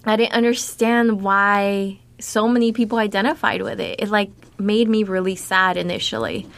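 A woman's voice: medium pitch, little pitch movement, moderate pace, vocal fry, fairly bright tone. Woman from Nicaragua telling her story. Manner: casual, frequent fillers, laughs between thoughts. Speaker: guest writer. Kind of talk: personal storytelling in an interview.

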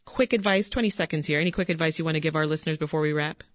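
A woman hosting a public radio talk show, lively and playful in manner, wrapping up the episode with guests and listeners. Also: deep voice, very fast, no echo, clean studio sound. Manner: lively, playful, laughs readily.

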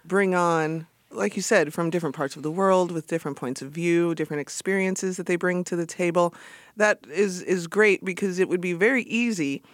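A woman hosting a radio interview in a studio, with a smooth, friendly on-air delivery. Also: on the low side, normal speed, no room sound. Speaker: radio host.

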